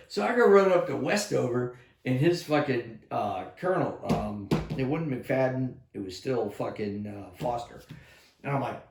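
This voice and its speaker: Older male army vet for a podcast chat, swears constantly, mid-pitched voice, recorded in an echoey room. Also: a little slow, creaky. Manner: profane, animated storyteller acting out shouts. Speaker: retired army sergeant major telling war stories. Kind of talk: casual storytelling with heavy swearing.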